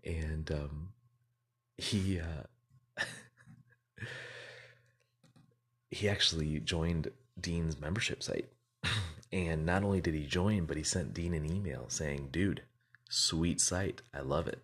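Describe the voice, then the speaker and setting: A man's voice: a bass voice, slow, pauses often, husky. A man giving an earnest, motivational casual talk, rambling with fillers and repeated words.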